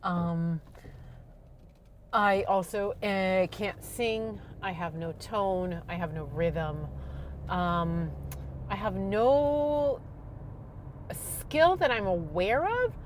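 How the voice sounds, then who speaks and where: Loud rambling woman vlogging in her car. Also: mid-range voice, very slow, pauses often, a little hiss or hum. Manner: loud, self-deprecating, rambling. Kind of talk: rambling casual monologue. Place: in her car while driving. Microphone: clip-on microphone.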